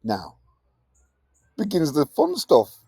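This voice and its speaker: A man teaching a science lesson in a playful way, jumping into high, silly voices to act things out. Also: huge pitch swings, takes it slowly, vocal fry, warm tone, breathy edge, no echo, clean studio sound. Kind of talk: classroom lesson.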